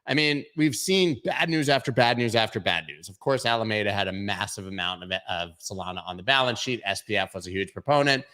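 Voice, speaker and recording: A man's voice: lowish voice, a little fast, hardly any pauses, pushed and bright. A man hosting a casual crypto livestream, chatting through charts and making jokey asides to his viewers. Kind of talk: casual livestream market commentary.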